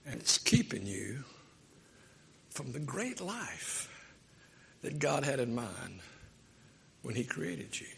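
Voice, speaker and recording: A man's voice: mid-range voice, very animated, takes it slowly, gravelly, long pauses, in a large hall, slight background noise. A man preaching a sermon, telling stories in a conversational, emphatic way. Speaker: pastor.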